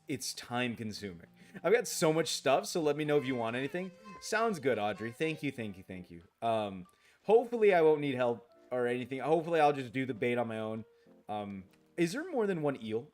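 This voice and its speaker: A man streaming a game late at night in casual chat, rambling, restarting his sentences, grumbling at the game and answering viewer comments aloud. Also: mid-range voice.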